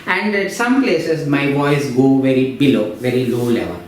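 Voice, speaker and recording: A man's voice: medium pitch, lively intonation, unhurried, a little mellow. A man, giving an explanatory lesson in a lecture style, repeating himself and restarting phrases. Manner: explanatory, repetitive, frequent fillers and restarts. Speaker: English teacher. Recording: very echoey room with faint noise.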